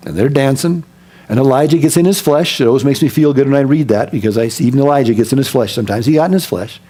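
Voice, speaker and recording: A man preaching a sermon as pastor, telling stories in an animated way, acting out scenes and dropping to a soft voice for emphasis. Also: medium pitch. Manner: drops to a soft, quiet voice for emphasis.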